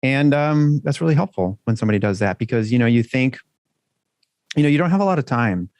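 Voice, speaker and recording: A man's voice: mid-range voice, expressive, fairly quick, darkish tone, dry recording. Joking, swearing podcast co-host man. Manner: chatty, joking, swears freely. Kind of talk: casual podcast banter.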